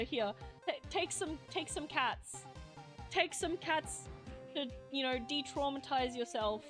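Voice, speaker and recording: High-voiced young woman streaming a game. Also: measured pace, over music. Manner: reads game dialogue aloud, flustered and giggly. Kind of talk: live game stream commentary.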